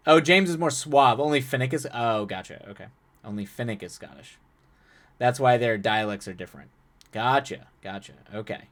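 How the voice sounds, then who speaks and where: A young man reads a viewer's story aloud on a live stream. He narrates, then drops into loose, chatty commentary full of restarts. His voice sits at an average pitch for a man. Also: expressive, moderate pace, a bit bright. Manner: chatty, frequent restarts and laughs between passages.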